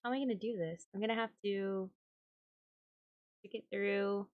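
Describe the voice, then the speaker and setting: A woman vlogging casually as she works on a doll with her hands, chatty and quick to exclaim. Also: mid-range voice, steady tone, dry recording, narrow, tinny audio. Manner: chatty, exclaims and laughs while working. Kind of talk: casual hands-on vlog talk.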